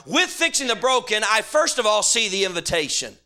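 A man preaching a sermon, moving from hushed storytelling to shouting. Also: high voice, sing-song, brisk.

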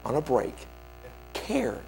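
A man's voice: medium pitch, slow pace, gravelly, slight background noise. A male pastor, preaching a sermon and telling stories, acting out the people he quotes. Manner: animated storyteller, acts out quoted voices. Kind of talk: sermon storytelling.

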